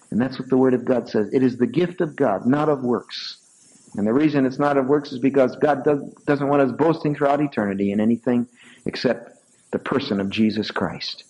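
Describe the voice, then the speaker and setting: A man's voice: mid-range voice, a little fast, low-quality recording. An older man, a pastor, preaching a sermon, telling a personal story and driving points home with sudden emphatic peaks. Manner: storytelling, animated swings from soft asides to raised emphatic peaks. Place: church sanctuary.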